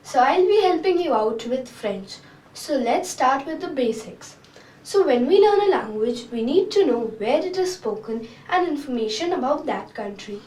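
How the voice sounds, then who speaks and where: A young woman hosting a beginner French lesson, speaking clearly and repeating each word for her learners. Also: high-pitched, animated, moderate pace, mellow. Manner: spells out and repeats words. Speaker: French language teacher. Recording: echoey room, voice a bit far from mic.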